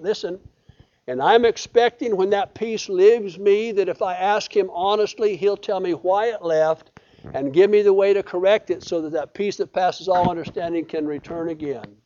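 A man's voice: sits high, normal speed, a little mellow, lo-fi sound. A man preaching a sermon in a folksy, emphatic way, often repeating his phrases. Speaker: pastor.

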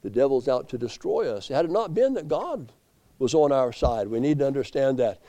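A man preaching a sermon, swinging from low, quiet asides up to loud emphatic peaks. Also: animated, moderate pace. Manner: rising to emphatic peaks, then dropping low.

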